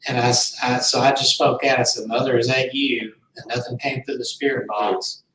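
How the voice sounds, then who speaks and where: A man's voice: mid-range voice, flat delivery, moderate pace. A man, telling a personal story to a host in an earnest, rambling, heartfelt way. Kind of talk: casual storytelling. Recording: roomy, distant mic, faint noise.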